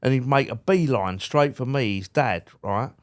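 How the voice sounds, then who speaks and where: Male podcast guest, mid pitch, casual anecdote-teller who trips over words. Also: normal speed. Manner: chatty, repeats words when starting, colloquial. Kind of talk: casual storytelling chat.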